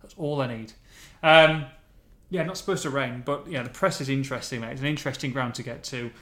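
A man's voice: mid-range voice, a little fast, fairly bright tone. A man hosting a casual podcast, bantering and calling people mate. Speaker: podcast host and fan interviewer. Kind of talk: casual chat.

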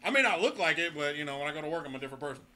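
A man's voice: fairly high pitch, lively intonation, rapid-fire, pushed and bright. A man in casual comic chat as podcast co-host, joking and swearing freely. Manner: swearing, joking, slips into put-on Russian and Arnold voices.

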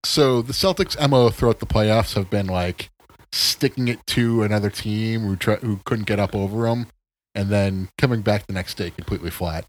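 A man's voice: lowish voice, moderate pace, low-quality recording. A man co-hosting a podcast, chatting casually about basketball and laughing often. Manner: laughs often, keen fan talk. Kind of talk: casual sports chat.

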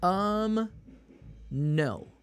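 A man's voice: high voice, animated, extremely slow, clear, resonant tone. A man from Maine co-hosting a podcast, chatting casually and playfully with frequent restarts. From Maine, USA. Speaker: podcast co-host. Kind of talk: casual chat.

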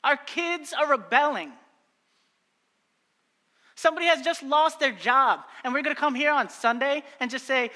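A man's voice: very high-pitched, expressive, normal speed, pauses often, bright, forceful tone. Earnest man preaching in a reverberant hall. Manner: earnest, exhorting, repeats phrases for emphasis. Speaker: pastor. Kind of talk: sermon.

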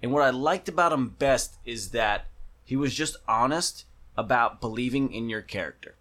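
A man in casual podcast conversation who tells stories with a lot of energy and curses freely. His pitch swings widely as he talks, and his pitch sits in a middle range for a man. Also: moderate pace. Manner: animated storyteller, swears freely.

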